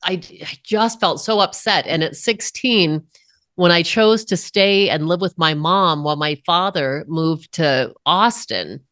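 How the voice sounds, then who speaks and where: A woman from Colorado, a podcast guest telling a personal story in an earnest, unhurried way with emphatic pauses. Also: on the low side, fairly bright tone, no room sound, studio quality. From Colorado, USA.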